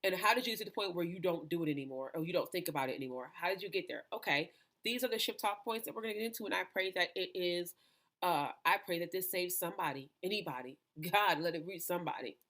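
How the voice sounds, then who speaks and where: A woman minister with a fairly low voice speaks straight to her viewers. She is emphatic and preachy, driving her points home and often restarting her sentences. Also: quick pace, a bit bright. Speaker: minister and host. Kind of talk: impassioned personal talk to camera.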